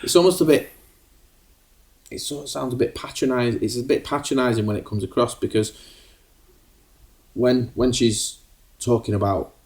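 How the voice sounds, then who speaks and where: A man's voice: medium pitch, steady tone, normal speed, pauses often, a little mellow. A man co-hosting a podcast, talking in a hesitant casual way with many ums and restarts. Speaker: podcast co-host.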